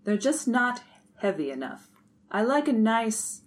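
A woman reading a story aloud, voicing a stiff, formal man who speaks in an earnest, deadpan way. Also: fairly high pitch, unhurried, a little hiss or hum, voice pushed up.

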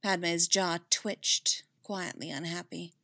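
Slow, measured woman reading a story. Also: on the low side, fairly even intonation, pushed and bright, no echo. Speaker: reader. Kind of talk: fan audiobook narration.

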